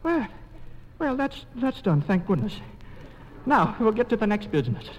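A man's voice: sits high, very animated, normal speed, highs cut off, slight background noise. An actor playing a scrawny, meddling male leprechaun with a wheedling Irish brogue, in 1940s radio acting. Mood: bossy. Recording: old radio broadcast with long reverb.

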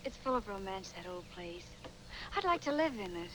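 An actress playing a soft-spoken romantic young woman in 1940s film style. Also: medium pitch, very animated, moderate pace, low-quality recording. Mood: dreamy. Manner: soft, dreamy and coy.

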